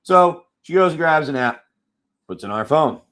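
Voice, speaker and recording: Loud, swearing man telling a story. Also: fairly high pitch, expressive, normal speed. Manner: loud, swears freely, tells stories with quoted dialogue. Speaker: live card-break seller. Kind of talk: casual chat while opening card packs.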